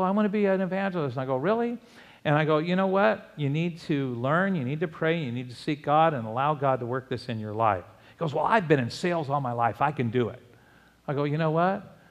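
Preacher in a reverberant church hall. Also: male voice. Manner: storytelling, acts out quotes in high loud voices. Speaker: pastor. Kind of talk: sermon. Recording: long reverb of a large hall.

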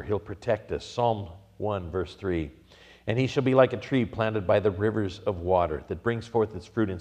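A man's voice: fairly low pitch, a little mellow, big-room sound. A middle-aged American man preaching a sermon, telling stories and acting out quotes, rising to emphatic peaks. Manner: storytelling with acted-out quotes, building to emphatic peaks. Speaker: pastor.

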